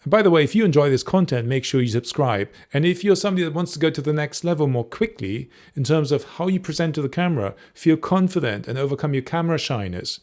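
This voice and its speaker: A man's voice: a little high, lively intonation, fast, few pauses, darkish tone. A man giving a to-camera lesson as a presenting coach, talking directly and checking in with the viewer as he explains. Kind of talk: instructional talk to camera.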